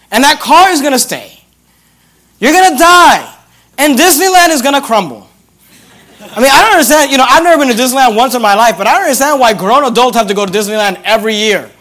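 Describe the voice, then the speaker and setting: A man preaching a sermon as pastor, reading scripture aloud and driving points home by repeating key phrases and stretching verses out slowly. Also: very high-pitched, bright, forceful tone.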